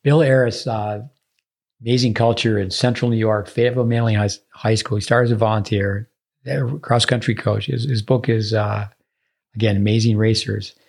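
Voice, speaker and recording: Male podcast host, low voice, gravelly and husky, short encouraging remarks. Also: flat delivery, normal speed, darkish tone. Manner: brief encouraging interjections. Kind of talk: podcast interview.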